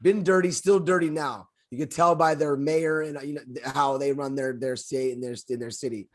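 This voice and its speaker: A man co-hosting a casual podcast, telling history in an emphatic, drawn-out way with many restarts. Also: a little high, steady tone. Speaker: podcast co-host.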